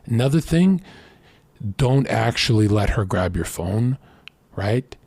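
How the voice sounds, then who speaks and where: A man's voice: medium pitch, sing-song, creaky, darkish tone, slightly rough, dry recording. A man streaming casual commentary, brash, crude and boastful as he reacts to a thread and lectures his viewers. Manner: lectures with quick put-on voices in his stories.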